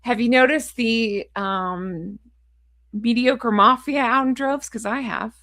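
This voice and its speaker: Speaking slowly in a voice on the high side and a bit bright, this royal commentary vlogger rants bluntly and with frustration in casual talk to camera. She wraps up with a chatty, rambling sign-off, and the studio sound is clean and echo-free.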